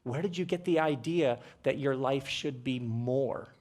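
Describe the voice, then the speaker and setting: A middle-aged man giving a live talk on a theater stage, conversational and jokey, with rhetorical questions and dramatic pauses. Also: mid-range voice, a little mellow. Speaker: speaker addressing a live audience.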